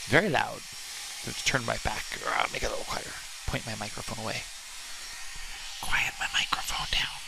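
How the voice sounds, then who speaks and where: A man's voice: lowish voice, fast talker, gravelly, background noise. A man co-hosting a live stream, chatting casually with playful, rambling asides. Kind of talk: casual chat.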